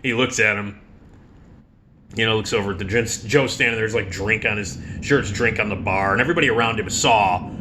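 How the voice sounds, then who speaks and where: A middle-aged man spins stories in a casual monologue, with a bright, forceful voice. He swears freely and laughs at his own stories. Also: lowish voice, brisk, a little hiss or hum. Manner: animated, profane, laughs while telling stories. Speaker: radio host.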